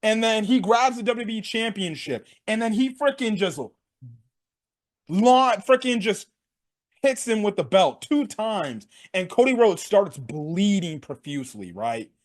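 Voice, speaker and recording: A young man casually recapping a wrestling event for his sports channel, slangy and excitable, laughing and acting out what people said. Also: high-pitched, unhurried. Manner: excitable, slangy, laughs a lot, acts out quotes. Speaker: sports commentary vlogger.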